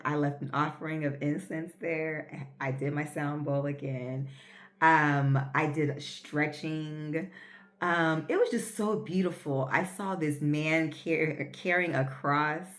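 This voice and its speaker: Vlogger, female, low voice, earnest and rambling storyteller. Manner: rambling, filler-heavy, earnest. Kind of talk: casual storytelling.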